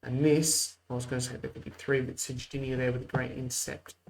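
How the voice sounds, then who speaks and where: A man talks over a game he is playing, calling the action like a match commentator and then dropping into quiet muttered asides. His voice sits at an ordinary middle pitch, with a faint hum of room noise behind it. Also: little pitch movement, brisk, creaky, rough recording. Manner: mock play-by-play, muttered asides. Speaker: host. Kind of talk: casual let's-play game commentary.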